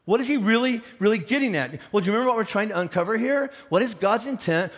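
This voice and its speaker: A middle-aged man preaches from the pulpit in a chatty, animated way, acting out the listeners' doubts and tripping over restarts. His voice sits high for a man and swings widely in pitch. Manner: animated, conversational, many restarts and acted questions. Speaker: pastor. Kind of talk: sermon.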